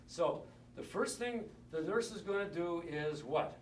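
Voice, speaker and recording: A man with a fairly high voice gives a classroom lecture to nurses, cracking jokes and firing questions at the audience. He sounds roomy and somewhat distant from the mic, with faint ambience in the lecture room. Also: expressive, measured pace, few pauses, a little hiss or hum. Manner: joking, quizzes the audience. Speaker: anesthesiologist teaching nurses.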